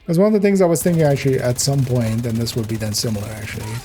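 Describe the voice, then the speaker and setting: A man's voice: mid-range voice, racing, dark tone, faint music behind. A man streaming a game, rambling casually as he plays, chuckling often and correcting himself mid-thought. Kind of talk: casual gameplay commentary.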